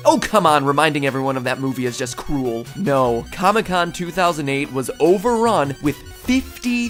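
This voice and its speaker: A host delivering a scripted comedic explainer, lively and sarcastic, with self-mocking asides and sudden jumps in pitch for emphasis.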